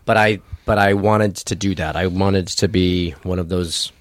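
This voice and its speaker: A man chatting as a guest on a podcast, playful and quick to laugh. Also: low voice, steady tone, no room sound. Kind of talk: casual interview chat.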